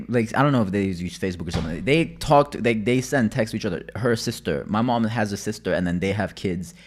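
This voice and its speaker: A young man livestreams casually, telling stories packed with heavy swearing and loud outbursts while reading out chat messages. His voice is mid-range.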